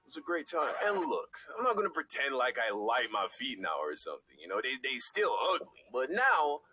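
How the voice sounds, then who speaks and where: Animated, bright young man. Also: medium pitch, brisk, slightly rough, no room sound, faint music behind, low-quality recording. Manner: comic, expressive, self-deprecating. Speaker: storyteller in a watched video. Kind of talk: animated storytelling narration.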